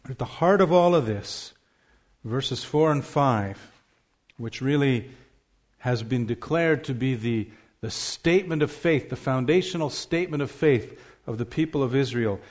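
A man's voice: medium pitch, animated, measured pace. Man preaching a sermon. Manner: reads scripture in a raised, emphatic voice, prays softly. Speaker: pastor. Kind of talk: sermon with scripture reading and prayer.

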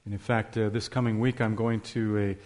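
A male pastor preaching a sermon in a steady, plain voice, explaining a passage and his plans for the congregation. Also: lowish voice, a little fast. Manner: reads scripture in a raised, emphatic voice, prays softly. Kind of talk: sermon with scripture reading and prayer.

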